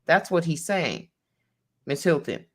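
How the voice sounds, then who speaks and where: A woman attorney reading a court transcript aloud, calling out each speaker's name before their line and pausing to explain it. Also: low-pitched, very animated, slightly rough.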